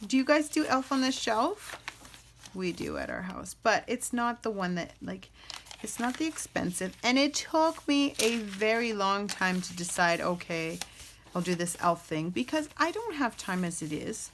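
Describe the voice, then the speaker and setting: A woman's voice: medium pitch, very animated, a little slow, fairly bright tone, slight background noise. A woman in her thirties hosting a casual craft flip-through, rambling and self-deprecating, with plenty of filler words. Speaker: junk journal crafter and channel host.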